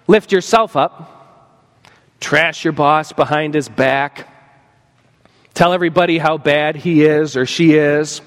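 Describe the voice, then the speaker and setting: A man pastor delivering a sermon in an earnest way, acting out the words of imagined speakers and slowing down for emphasis. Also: high-pitched. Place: church sanctuary. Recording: long church reverb.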